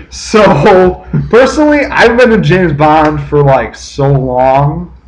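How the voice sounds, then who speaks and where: A young man co-hosting a casual podcast, speaking in a halting way. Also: a little high, rough recording. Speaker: podcast co-host. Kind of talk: casual chat.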